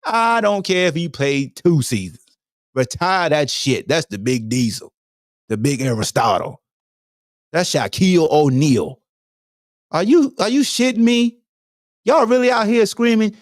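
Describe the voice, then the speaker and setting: On a clean, dry studio recording, a male podcast host delivers a solo sports rant full of slang and profanity, speaking directly to his listeners. His pace is measured with frequent pauses, and he's animated, jumping from loud, high bursts to low mutters.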